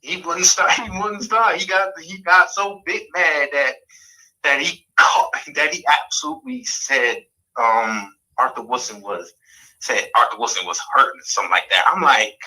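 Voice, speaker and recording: Man, caller, bright tone, lively pitch, chatty, rambling. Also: normal speed, low-quality recording. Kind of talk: casual call-in talk. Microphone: phone line.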